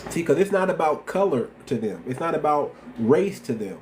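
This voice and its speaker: Guy with a slight lisp running a livestream, kinda high voice, blunt and repeats stuff, faint hiss behind. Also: normal speed. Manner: blunt, repetitive, animated slang-heavy talk. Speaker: livestream host. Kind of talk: casual livestream talk.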